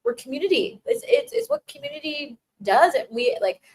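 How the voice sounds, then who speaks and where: Her high-pitched voice swoops wildly up and down at a normal speed as she hosts a relaxed live Q&A. She laughs often, reads viewers' messages and thanks them warmly, with lots of restarts and filler words. The audio is poor.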